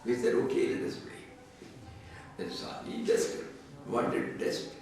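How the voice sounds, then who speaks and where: A man with an Indian English accent and an unhurried, slightly mellow voice gives a scripture discourse as a swami. He chants Sanskrit verses, then explains them in conversational, teasing English. The hall audio is echoey and distant, with faint noise.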